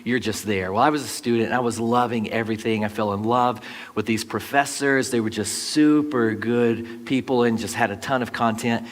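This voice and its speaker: A pastor telling stories from the pulpit in a relaxed, folksy way, with asides to the congregation. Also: male voice, medium pitch, normal speed. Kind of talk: conversational storytelling sermon. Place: church sanctuary. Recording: long reverb of a large church hall.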